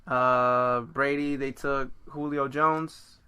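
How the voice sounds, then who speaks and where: A man's voice: mid-range voice, fairly even intonation, slow, pushed and bright, clear, resonant tone, dry recording. A man hosting a casual podcast chat, rambling and joking at his own expense. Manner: rambling, joking and self-mocking. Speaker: podcast host.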